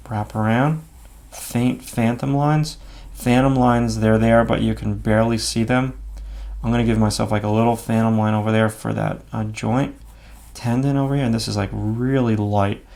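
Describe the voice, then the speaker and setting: A drawing instructor with a low, creaky, darkish voice gives a live lesson. He talks casually and thinks out loud while sketching, dropping in frequent fillers.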